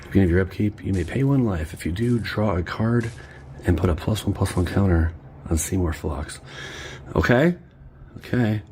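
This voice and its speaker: Man, low register, very animated delivery, rambling excitable streamer opening packs; faint background noise. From Cleveland area, Ohio. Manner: rambling, excitable, slangy asides to viewers. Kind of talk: casual chat while opening card packs.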